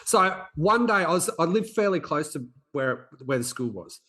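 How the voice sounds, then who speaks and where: A man in his forties, a podcast host, telling a personal story in an earnest, halting way with frequent restarts. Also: on the high side, expressive, sharp tone. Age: 40s.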